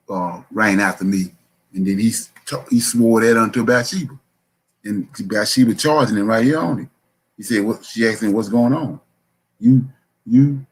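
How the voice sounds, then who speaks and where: A man reading Bible verses aloud as a preacher, stumbling over names and stopping to explain them. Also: on the low side. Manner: reads scripture aloud haltingly, stumbling on names, then explains.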